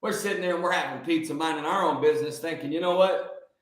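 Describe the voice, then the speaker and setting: Man, forties, high-pitched, excitable, preachy livestream host, very echoey room. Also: fast talker. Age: 40s. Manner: excitable, preachy, greets viewers by name, repeats phrases. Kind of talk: energetic livestream talk.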